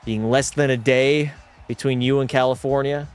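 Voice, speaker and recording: A young man streams a hockey video game, calling the action like an excitable broadcaster, cursing freely and chatting with his viewers. His voice sits in the mid range, smooth, at a moderate pace, with soft music playing behind him.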